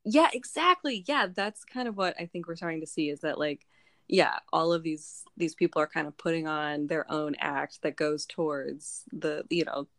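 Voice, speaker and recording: A woman co-hosting a book podcast, recapping a novel in a rambling, animated way full of filler words. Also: low-pitched, normal speed, dry recording, studio quality. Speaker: book club podcast co-host. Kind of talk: casual chat recapping a novel.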